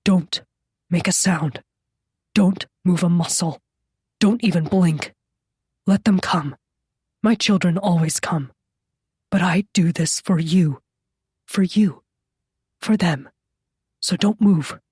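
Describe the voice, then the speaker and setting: A woman doing a tormented crucified man in an audiobook, desperate and half out of his mind. He pleads, then hisses low, urgent warnings in a dry, close sound. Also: takes it slowly, long pauses, mellow, breathy edge, no room sound, heavily acted.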